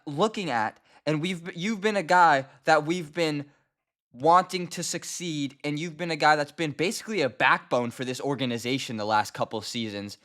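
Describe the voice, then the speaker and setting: Young male fan-channel host, slightly high voice, exasperated, repetitive ranting delivery. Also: a bit bright. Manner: exasperated, emphatic, repeats himself. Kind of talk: casual ranting commentary.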